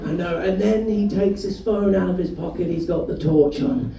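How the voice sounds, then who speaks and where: A high-pitched man from the UK works a comedy club crowd, telling stories in a chatty way and firing off quick asides to the audience. His tone is dark and mellow. He sounds roomy and a bit distant, as if picked up by a mic away from the stage. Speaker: stand-up comedian. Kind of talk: stand-up comedy set with crowd work. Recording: roomy live venue, mic heard from a distance. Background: audience laughter.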